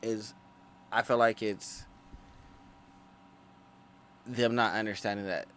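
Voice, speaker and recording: A man co-hosting a podcast, talking through his views in a measured way with many restarts. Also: lowish voice, fairly even intonation, a bit bright, slight background noise. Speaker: podcast co-host. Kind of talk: casual podcast chat.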